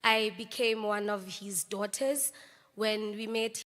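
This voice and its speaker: Bright-voiced South African woman, hall reverb. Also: mid-range voice, fairly even intonation, slow pace. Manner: anecdotal, mixes languages, laughs between stories. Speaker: actress giving a eulogy. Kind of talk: memorial eulogy speech. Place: large memorial hall.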